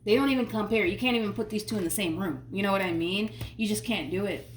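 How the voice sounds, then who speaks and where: A woman's voice: mid-range voice, quick pace. A woman giving a casual tarot reading in an emphatic, slangy way, repeating her phrases for effect. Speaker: tarot reader. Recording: roomy sound from a distant mic, faint noise.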